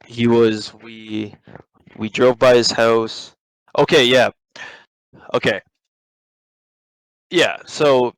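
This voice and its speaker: A man's voice: medium pitch, a bit bright, clean tone, no room sound, poor audio. A young man hosting a podcast, telling a story in a rambling, profane way with many restarts. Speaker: podcast host. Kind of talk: casual storytelling.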